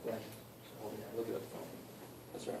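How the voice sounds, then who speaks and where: A male math instructor speaks at normal speed in a casual classroom lecture, captured from afar in an echoey room with heavy background noise. He jokes around, swears a little and often asks the class to help him out.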